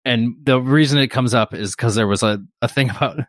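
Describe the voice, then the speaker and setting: A man's voice: medium pitch, brisk, no room sound, clean studio sound. A man co-hosting a casual podcast, telling stories in a rambling way, laughing often and swearing casually. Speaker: podcast co-host.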